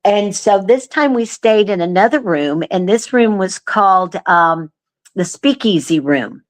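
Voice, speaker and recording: A woman guest telling a story in casual chat, earnest and animated, with lots of fillers. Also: mid-range voice, measured pace. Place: remote call.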